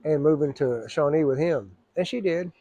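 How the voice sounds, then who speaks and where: A middle-aged man telling a personal story, blunt and profane, rambling with frequent throat clearing. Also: on the high side, normal speed, warm tone, dry recording, highs cut off.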